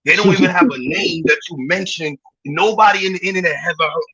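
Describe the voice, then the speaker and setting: Man, New York accent, from Brooklyn, livestream rant, mocking and profane, laughing, husky, lo-fi audio. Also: high voice, fast, sharp tone. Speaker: livestream host.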